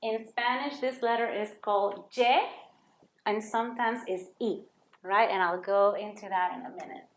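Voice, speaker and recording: A woman's voice: medium pitch, steady tone, normal speed, echoey room. A woman teaching a Spanish lesson to children, patiently sounding out words and repeating them for students to copy.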